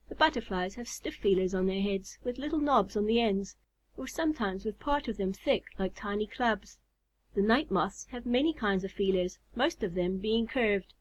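A woman reading a children's story aloud in a calm, measured way. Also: mid-range voice. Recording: slightly muffled recording.

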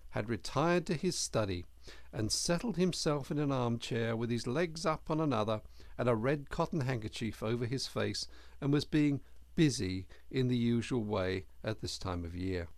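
Man narrating an audiobook, measured. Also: medium pitch, animated, no echo. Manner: measured storytelling.

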